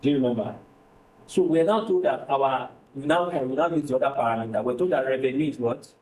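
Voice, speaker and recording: A finance tutor teaches his class at a quick pace, his medium-pitched voice a little mellow. He keeps restating numbers and putting questions to the students, captured from a distance in a roomy room.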